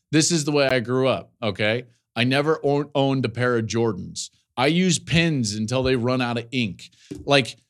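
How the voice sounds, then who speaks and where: A college football analyst in his forties talks through the week's news. His mid-range voice swings widely in pitch, and he keeps slipping into laughing asides and quick stories as he goes. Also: a bit bright. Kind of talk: podcast commentary.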